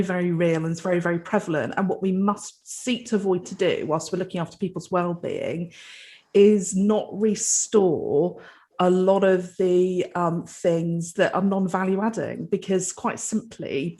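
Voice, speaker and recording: Her tone darkish and her voice lowish, a British health trust chief executive answers at a moderate pace on a panel. She sounds earnest and fluent, repeatedly restarting what she's saying.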